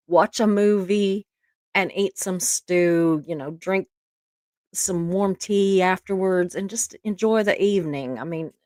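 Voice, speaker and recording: A woman with a Georgia drawl hosts a livestream and talks to her chat. Her voice sits low for a woman. She rambles in a casual, friendly way on a close, dry mic. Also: dry recording. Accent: Southern US, Georgia. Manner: rambling and chatty, says "y'all" often. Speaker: livestream host. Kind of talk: casual chat to a live audience.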